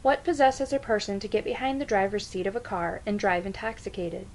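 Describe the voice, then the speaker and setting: A woman gives a prepared persuasive speech in a mid-pitched voice. She reads out figures and claims in a measured, even way. A faint hiss sits under the recording. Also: rough recording. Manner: measured, reads out statistics evenly. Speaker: student speaker.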